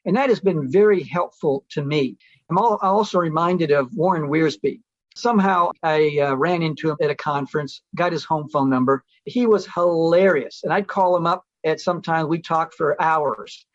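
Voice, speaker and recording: A man's voice: fairly high pitch, normal speed, no echo, highs cut off. A middle-aged man speaking as a guest, telling reflective stories in an earnest, casual way with some restarts. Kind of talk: relaxed storytelling conversation.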